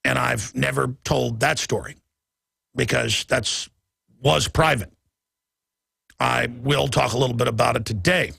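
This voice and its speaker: A man's voice: medium pitch, fairly even intonation, a little slow, creaky, pauses often, a bit bright, breathy edge, no echo, clean studio sound. A man hosting a talk radio show, delivering an emphatic, rambling monologue full of restarts.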